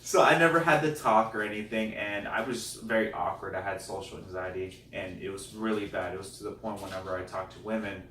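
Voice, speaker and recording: A man's voice: fairly low pitch, brisk, few pauses, a bit bright. Man telling a self-deprecating comic story. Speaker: comedian guest. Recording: roomy, distant mic, faint noise.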